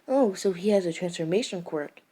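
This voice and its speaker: A woman's voice: fairly low pitch, lively intonation, brisk, dark tone, breathy edge. A woman voicing an earnest, confused young hero boy, giving puzzled little replies.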